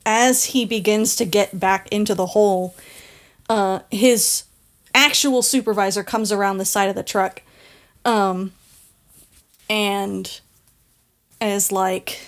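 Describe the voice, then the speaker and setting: A woman running a tabletop game as game master, narrating with frequent laughs and halting fillers. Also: mid-range voice, fairly even intonation.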